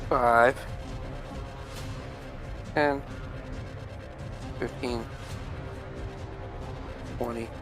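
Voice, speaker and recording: A man playing in a tabletop game, speaking slowly and deliberately. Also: mid-range voice, steady tone, fairly bright tone, faint music behind. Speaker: player.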